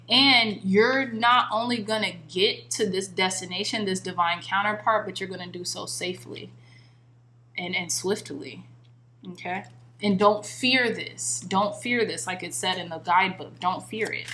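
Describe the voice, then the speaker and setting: Woman tarot reader, earnest, chants her questions to spirit over and over, medium pitch, self-filmed. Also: a little slow, bright, forceful tone, slight background noise. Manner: repeats invocations to spirit in a chanting rhythm; earnest and emotionally moved. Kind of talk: pick-a-card tarot reading. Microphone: recording herself on camera.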